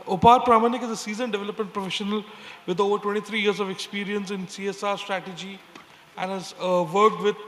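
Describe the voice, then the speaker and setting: A man moderating a conference panel, introducing the speakers in a measured, formal way with frequent hesitations. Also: sits high, a bit bright. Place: conference stage. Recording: reverberant hall with faint noise.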